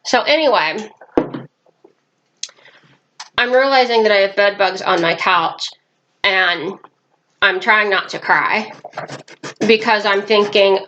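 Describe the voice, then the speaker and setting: A woman's voice: mid-range voice, slow, long pauses, pushed and bright, dull audio, slight background noise. A woman from Nebraska rambling through a personal vlog in her small apartment, breaking off now and then to talk to her pets. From Nebraska, United States. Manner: rambling, talks to her pets mid-sentence. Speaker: vlogger.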